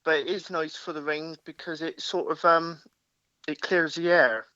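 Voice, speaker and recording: A friendly male caller chats in short, relaxed replies over a dull, dry phone-in line. His voice is bright and a touch high for a man. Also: normal speed, clean tone, dry recording. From England. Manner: easygoing, brief replies, light laughs. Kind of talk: casual phone chat.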